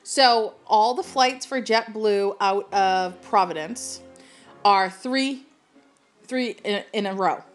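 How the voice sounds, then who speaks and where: A woman from Cape Cod co-hosting a casual podcast, chatty and laughing often with quick asides. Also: medium pitch, soft background music. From Cape Cod, Massachusetts. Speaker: podcast co-host.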